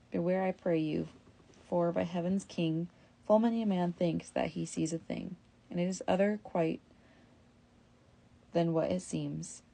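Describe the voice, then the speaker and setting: A woman reading the lines of a sly, quick-tongued young wife in a storybook reading. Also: fairly low pitch, vocal fry, warm tone. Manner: pleading then brisk and self-justifying.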